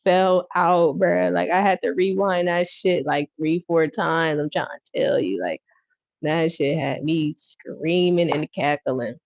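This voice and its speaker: A woman with a lowish voice runs a casual livestream tarot reading. She talks bluntly and swears freely, often breaking into loud laughter and acting out little scenes. The sound is dull and dry, with a lo-fi edge. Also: a little slow, creaky, dry recording. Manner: blunt, profane, laughs loudly and acts out scenes. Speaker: tarot reader.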